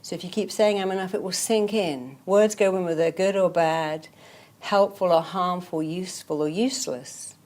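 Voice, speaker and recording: A woman's voice: fairly low pitch, moderate pace, a little mellow. A woman therapist talking in an interview, emphatic and repetitive, telling stories and repeating affirmations. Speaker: therapist guest. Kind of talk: motivational interview talk.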